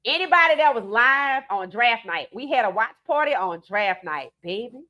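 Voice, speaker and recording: A woman's voice: on the high side, moderate pace, dull audio. Emphatic New Orleans woman streamer. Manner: emphatic, animated, reads out viewer comments. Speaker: live-stream host. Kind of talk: casual live-stream commentary.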